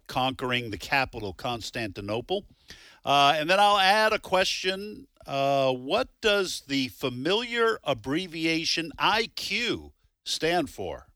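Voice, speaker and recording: A man co-hosting a radio trivia show, joking around and reading questions out slowly. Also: medium pitch, very animated, bright, forceful tone, dry recording, studio quality. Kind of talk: casual radio chat.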